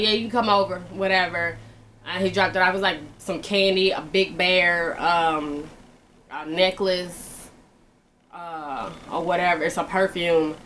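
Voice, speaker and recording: A woman's voice: lowish voice, fairly bright tone, a little hiss or hum. A woman talking casually into the camera, telling a personal story in a loose, offhand way, trailing off and backtracking to recall details.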